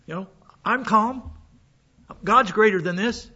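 A man's voice: sits high, slow, long pauses, bright, forceful tone, slightly rough. A man preaching a sermon in a folksy, conversational way, full of asides, while he is sick with a cough. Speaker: pastor. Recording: dull lo-fi sound.

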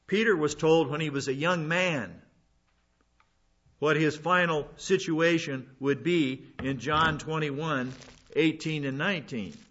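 A man's voice: a little high, takes it slowly, fairly bright tone. A man preaching a verse-by-verse Bible sermon, conversational with folksy asides and frequent restarts. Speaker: pastor. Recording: dull lo-fi sound.

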